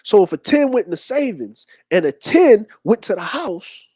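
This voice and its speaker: High-voiced man telling a story. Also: normal speed, breathy edge, dry recording. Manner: animated, conversational retelling with quoted dialogue. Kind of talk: personal storytelling.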